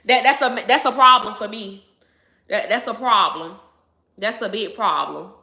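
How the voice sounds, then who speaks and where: Emphatic woman with a bright voice. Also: medium pitch, a little slow, vocal fry, echoey room. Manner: emphatic, repeats phrases, laughs often. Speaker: livestream host answering viewers. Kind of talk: casual livestream chat.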